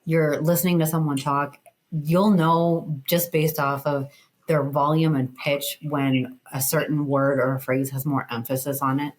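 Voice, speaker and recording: Low-voiced woman explaining with emphasis. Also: a little slow, low-quality recording. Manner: animated, emphatic explainer, frequent "like". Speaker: guest, communication educator. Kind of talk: casual conversational interview.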